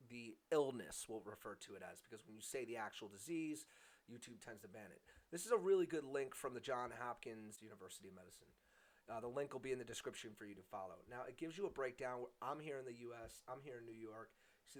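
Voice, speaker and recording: A man talking casually to his viewers in a chatty vlog style, with lots of fillers and some self-mocking humor. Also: mid-range voice. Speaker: vlogger.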